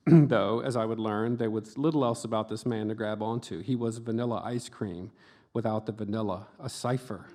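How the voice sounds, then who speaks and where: A middle-aged man reading his own memoir aloud at a book festival, delivering dark comic lines deadpan and breaking off for brief offhand asides. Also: mid-range voice, moderate pace. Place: book festival event before an audience.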